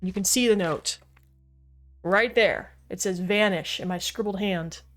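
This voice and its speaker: A woman's voice: medium pitch, a little slow, fairly bright tone. A woman streaming a video game, chatting casually with her viewers as she plays and often laughing. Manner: chatty, talks to chat while playing, laughs often. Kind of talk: casual livestream gaming chat.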